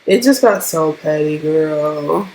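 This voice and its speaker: Gravelly-voiced woman telling a story. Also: low-pitched, slow pace, slight background noise. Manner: animated, profane storytelling. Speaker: vlogger. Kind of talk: storytime vlog.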